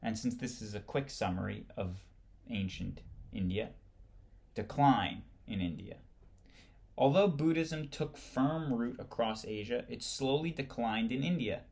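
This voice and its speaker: A man who serves as an instructor, reading a history textbook aloud in a halting way, stumbling over words and rereading them. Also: medium pitch, creaky, a little mellow.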